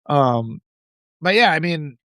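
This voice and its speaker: A man's voice: on the high side, lively intonation, slow pace, fairly bright tone, no room sound, studio quality. A man hosting a political livestream, reading viewer comments and ranting in a profane, riled-up way, with lots of restarts.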